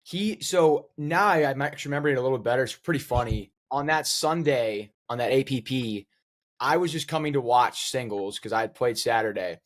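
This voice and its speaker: A man's voice: medium pitch, brisk. Rambling storyteller man on a podcast. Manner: rambling, animated anecdote with many fillers. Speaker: guest co-host, pro pickleball player.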